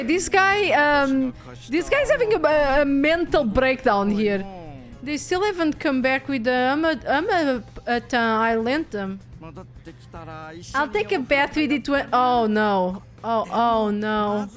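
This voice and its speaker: A high-pitched young woman talks through her gameplay stream in a loose, rambling chat. She gets excitable and curses freely. Faint music plays underneath. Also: slow. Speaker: VTuber streamer.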